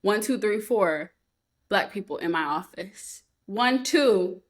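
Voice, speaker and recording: A woman co-hosting a podcast, telling a story in a heated, profane, animated way. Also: mid-range voice, slow pace. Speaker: podcast co-host. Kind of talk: casual chat.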